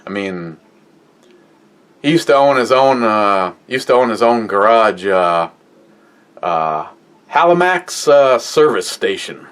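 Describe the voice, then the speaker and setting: A man from Minnesota tells a long family story in a loose, casual way. He stops and restarts constantly, fills gaps with "uh", and swears offhandedly. His voice sits fairly low. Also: expressive, slow pace, long pauses, a bit bright, clean tone. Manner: rambling, many filler words and restarts, swears casually. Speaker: podcast co-host.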